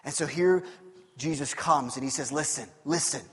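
A man preaching a sermon as pastor, telling stories with animated swings between loud emphasis and hushed, quiet passages. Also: fairly high pitch, moderate pace, big-room sound.

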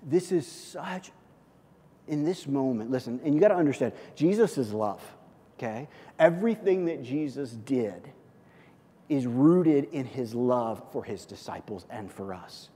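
A male pastor preaching a sermon in a lively, conversational way, often checking in with "okay?" and "listen". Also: medium pitch, measured pace, husky. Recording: long reverb of a large hall.

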